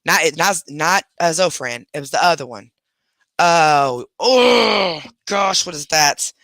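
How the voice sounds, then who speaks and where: A man's voice: a little high, lively intonation, slow pace, pushed and bright, dry recording. A man hosting a casual live stream from bed at home, rambling through stories and stopping to talk to his pets. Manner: rambling, chatty, talks to pets between stories. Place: at home in a bedroom, lying in bed.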